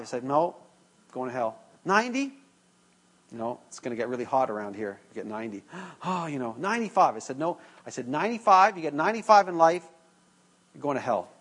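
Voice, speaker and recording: A man's voice: mid-range voice, husky. Male pastor, conversational sermon delivery, storyteller who acts out dialogue. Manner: conversational, acts out dialogue with students, jokes with congregation.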